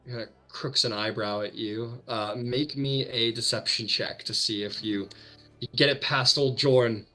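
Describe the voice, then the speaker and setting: A man's voice: mid-range voice, fairly even intonation, a little slow, pushed and bright, soft background music. A man narrating as game master of a tabletop game, loose and full of fillers.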